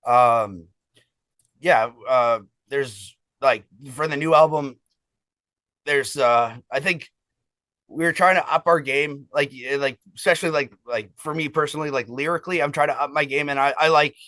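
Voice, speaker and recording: A man's voice: a little high, moderate pace, pushed and bright, dry recording. A man who fronts a band, telling stories in a casual interview, rambling and swearing with lots of fillers. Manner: rambling, profane, heavy on fillers.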